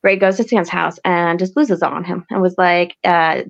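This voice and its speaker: A woman's voice: lowish voice, normal speed, creaky, muffled recording. A woman hosting a podcast, recapping an episode in a chatty, rambling way full of fillers. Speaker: podcast host.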